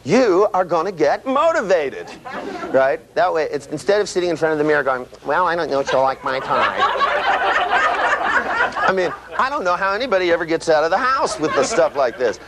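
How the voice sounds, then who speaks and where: A man lecturing a live seminar, his voice lifting and swooping with lively pitch and sitting a touch high. He talks in a loose, profane way, tossing in "you know" and "right" and mimicking sounds. The old tape hisses and clicks behind him. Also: fairly quick.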